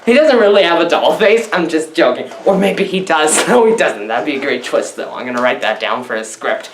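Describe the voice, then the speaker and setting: A woman's voice: low-pitched, expressive, brisk, reverberant, background noise. A woman giving a mock-enthusiastic comedic film review, rambling and giggly, heaping over-the-top praise.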